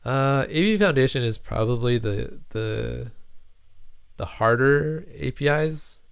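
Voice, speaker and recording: A man's voice: medium pitch, animated, slow, gravelly, clean tone, dry recording. A man hosting a casual livestream, reading viewer comments and thinking aloud with lots of fillers. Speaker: livestream host, app developer.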